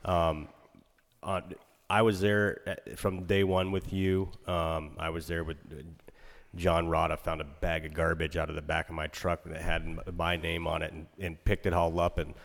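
A man speaking earnestly and warmly to a friend in a casual podcast chat. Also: low voice, little pitch movement, moderate pace, in a large hall. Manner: earnest, heartfelt.

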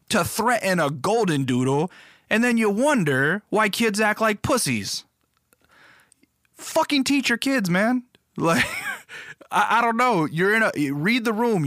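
A man's voice: high voice, fairly bright tone, no echo, clean studio sound. Blunt, profane young man ranting. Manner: profane, blunt, acts out voices in his stories. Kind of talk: casual storytelling rant.

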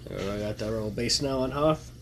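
A man's voice: mid-range voice, fast talker, slight background noise. Man giving chatty movie commentary. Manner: chatty, thinking aloud, chewing popcorn while talking. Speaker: movie watch-along host. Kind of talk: casual live movie commentary.

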